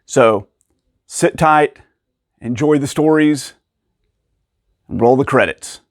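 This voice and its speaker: A video game collector and channel host casually tells stories to camera about finding rare games, animatedly acting out the people with sudden pitch jumps and laughing often. He speaks slowly, with clean studio sound and no room sound.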